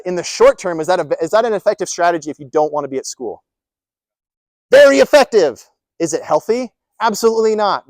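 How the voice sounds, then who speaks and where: A presenter with a high voice speaks live to a room of caregivers, emphatic and full of rhetorical questions and repeated key points. The recording is dry, with little echo from the presentation room.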